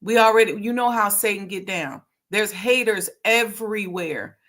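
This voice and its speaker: A woman's voice: medium pitch, normal speed, a bit bright. A middle-aged woman hosting a talk show on history, speaking in a casual, preachy teaching manner with slang and frequent laughs. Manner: conversational, preachy, laughs often, slips into slang. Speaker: historic preservation consultant and channel host.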